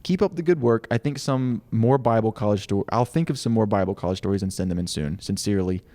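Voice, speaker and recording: A man with a fairly low voice reads listener mail on a casual podcast. He takes quoted lines slowly and deliberately. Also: mellow. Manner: reads letters aloud, slows down for quotes. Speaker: podcast co-host reading listener letters. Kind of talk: casual chat.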